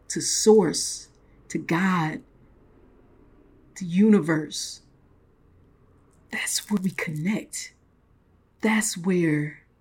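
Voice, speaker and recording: A woman's voice: lowish voice, a little mellow, slightly rough. A woman giving a spiritual motivational talk, reflective, often repeating and restating her words. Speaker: spiritual speaker.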